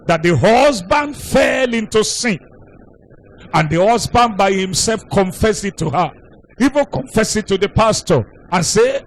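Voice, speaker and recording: Brief: male pastor, high voice, emphatic preaching with repeated phrases. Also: lively intonation, measured pace. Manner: emphatic, repetitive preaching cadence. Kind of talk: sermon.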